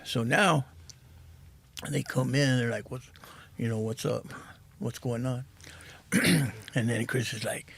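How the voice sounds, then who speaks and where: A middle-aged man telling his recovery story as a podcast guest, soft-spoken and halting, saying "man" often. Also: medium pitch, gravelly, breathy edge.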